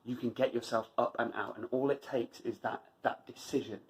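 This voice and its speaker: A man's voice: mid-range voice, steady tone, moderate pace, hardly any pauses, poor audio. Fired-up man giving a pep talk. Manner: fired-up, emphatic, repeats phrases for force. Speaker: running vlogger. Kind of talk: motivational monologue.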